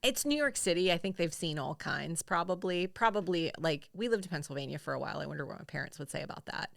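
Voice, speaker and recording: A woman from the American South co-hosting a podcast, telling stories in a relaxed, casual way. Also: on the low side, quick pace, vocal fry, no echo, studio quality. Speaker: podcast co-host. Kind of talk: casual chat.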